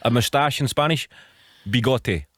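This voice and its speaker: A man's voice: medium pitch, a little fast, a bit bright, a little hiss or hum. A man with a Scottish accent, a guest on a radio show, joking in a wry way. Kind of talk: casual radio chat.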